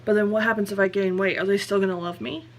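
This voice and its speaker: A woman's voice: medium pitch, steady tone, fast. A young woman talks candidly in a personal vlog. She rambles and corrects herself. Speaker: vlogger.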